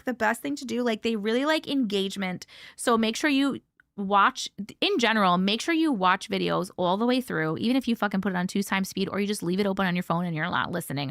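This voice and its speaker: Bright-voiced woman chatting on a live stream. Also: on the high side, no echo, clean studio sound. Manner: chatty and rambling, swears casually, thanks viewers by name. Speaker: host of a live stream reading viewer stories. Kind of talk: casual live-stream chat, reading and answering comments.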